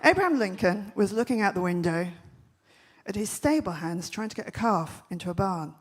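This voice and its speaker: Brash woman, husky stage voice. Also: medium pitch, animated. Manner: brash, punchy storytelling with quick jokes. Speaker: festival speaker. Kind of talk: comic keynote talk. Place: large event stage.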